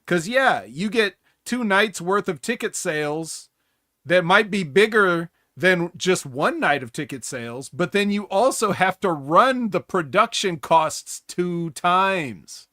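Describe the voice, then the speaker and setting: A man's voice: sits high, expressive, slow pace, pushed and bright, dry recording, studio quality. A man co-hosting a casual wrestling podcast chat, blunt and sarcastic, swearing freely. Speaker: podcast co-host.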